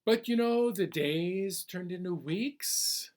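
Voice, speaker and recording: A man reading a folk tale aloud at a children's storytime, animated and asking listeners questions. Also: sits high, takes it slowly.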